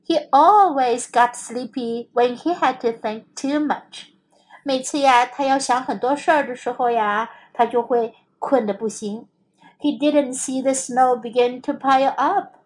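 A woman English teacher reading a children's story aloud in two languages, slow and expressive. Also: high-pitched.

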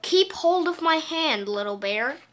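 A woman voicing a patient, weary father bear, gently coaxing his cub in a sing-song storybook tone. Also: high-pitched, animated, unhurried, voice pushed up.

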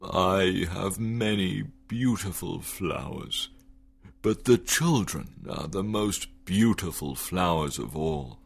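A woman voicing a big, kind, lonely male giant who grows old, in a storybook reading for English learners, speaking slowly and deeply. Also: animated, creaky, breathy edge, full character voice. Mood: tender. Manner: slow, deep, booming.

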